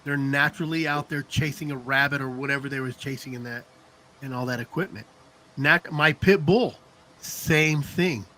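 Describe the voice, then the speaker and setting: A man's voice: mid-range voice, normal speed, pushed and bright, slight background noise. A middle-aged man telling rambling stories in casual chat, laughing often and checking in with "you know what I mean". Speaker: podcast co-host.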